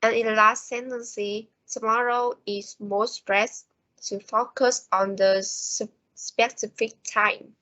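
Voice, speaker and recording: A woman giving a class presentation on pronunciation, reading her prepared notes slowly and carefully. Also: a little high, fairly even intonation, pushed and bright. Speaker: student presenter. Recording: dull lo-fi recording.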